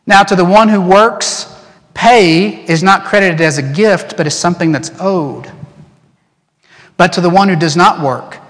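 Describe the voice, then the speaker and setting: Animated male preacher in a reverberant hall. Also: high voice. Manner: animated preaching, acts out quoted voices, drops to soft earnest tones. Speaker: pastor. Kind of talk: sermon. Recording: long reverb in a large hall.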